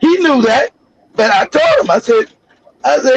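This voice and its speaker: A man hosting a livestream, telling a story in an animated, profane and laughing way. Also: extremely high pitch, measured pace, creaky, dull audio. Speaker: livestream host. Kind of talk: casual storytelling.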